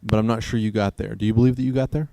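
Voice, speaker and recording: A man co-hosting a casual debate conversation, talking haltingly with many fillers and restarts. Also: fairly low pitch, steady tone, gravelly, mellow, no room sound. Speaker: co-host.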